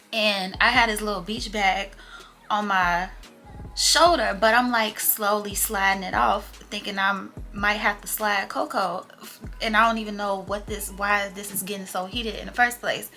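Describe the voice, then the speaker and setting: A woman's voice: medium pitch, gravelly. A young woman vlogger telling a story in casual, slangy chat and acting out what people said. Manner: animated, slangy storytelling that acts out quotes.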